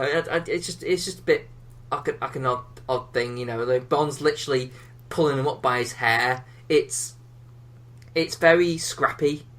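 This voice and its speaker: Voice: medium pitch, fairly bright tone. A podcast co-host chatting casually about a film, rambling and hesitant with frequent fillers and small laughs. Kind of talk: casual film review chat.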